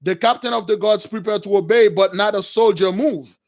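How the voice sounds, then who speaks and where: High-voiced guy telling a bible story casual style, calls folks brothers. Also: moderate pace. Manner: animated, addresses listeners as brothers. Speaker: preacher, storyteller. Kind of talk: casual retelling of a religious story.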